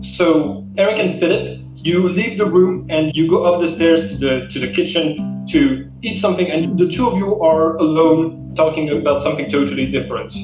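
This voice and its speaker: A man's voice: fairly high pitch, normal speed, hardly any pauses, muffled recording. French-accented man narrating a tabletop game. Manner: descriptive, steady game narration. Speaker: game master. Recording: echoey room with music behind.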